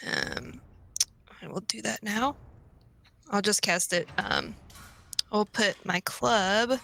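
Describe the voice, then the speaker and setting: Bright-voiced woman thinking aloud. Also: mid-range voice, expressive, takes it slowly, creaky. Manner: hesitant, thinking aloud with many ums. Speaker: player. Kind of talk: casual tabletop play.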